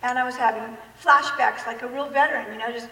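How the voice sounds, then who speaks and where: A woman giving an animated personal testimony in a church hall, full of self-mocking humor and acted-out quotes. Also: fairly high pitch, fast talker, gravelly, distant mic, a little hiss or hum. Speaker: guest speaker. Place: large church hall with an audience. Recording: echoey hall recorded from afar.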